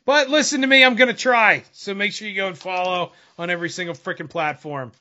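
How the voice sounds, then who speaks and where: A man hosting a casual podcast, excitable, dropping to mumbles and then bursting out loud. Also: high-pitched, fast talker. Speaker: podcast host. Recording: dull lo-fi podcast audio.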